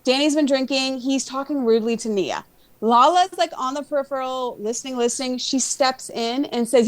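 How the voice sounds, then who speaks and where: A woman's voice: high voice, moderate pace, dry recording. A woman co-hosting a podcast, chatting in an opinionated, gossipy way. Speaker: podcast co-host. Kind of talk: casual chat.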